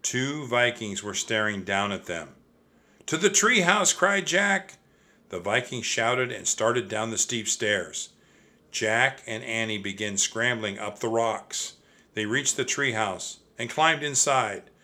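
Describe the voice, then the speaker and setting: Bright, unhurried man reading a kids' story. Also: on the low side. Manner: expressive, addresses kids directly. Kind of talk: reading a children's book aloud.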